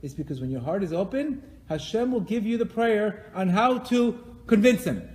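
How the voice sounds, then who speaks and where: A man's voice: high voice, animated, normal speed, a little mellow, a little hiss or hum. A man leading a live religious class, emphatic and repetitive, acting out the prayers he quotes. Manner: emphatic, repeats phrases, acts out quoted prayers. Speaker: teacher leading a weekly class. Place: synagogue or class hall. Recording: long hall reverb.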